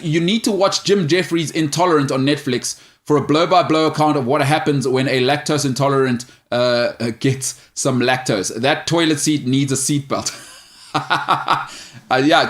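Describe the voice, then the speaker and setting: Joking, opinionated male sports host. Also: fairly high pitch. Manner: opinionated, joking, stumbles over names. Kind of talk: casual sports chat reading viewer questions.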